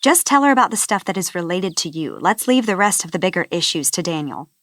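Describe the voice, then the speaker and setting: A woman reading the part of a calm, reserved man who patiently and warmly teases his companion in a storybook. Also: lowish voice, fast, dry recording, studio quality. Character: calm reserved man, gently teasing guide.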